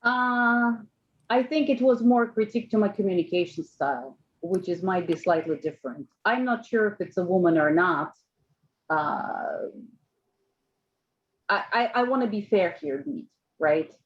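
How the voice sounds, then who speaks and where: A woman's voice: medium pitch, moderate pace, highs cut off. A woman speaks hesitantly as a panel guest in a casual video-call discussion, with many fillers and restarts.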